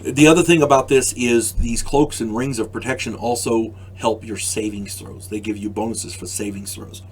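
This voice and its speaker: An older man hosting his own channel, explaining a game rule to camera in a casual, halting way, often repeating words and adding wry asides. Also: mid-range voice, fairly even intonation, slightly rough. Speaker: channel host.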